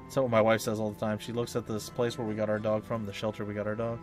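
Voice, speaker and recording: A man's voice: lowish voice, little pitch movement, quick pace, soft background music. A man giving casual, rambling, self-mocking commentary while playing a video game at home. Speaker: let's play host.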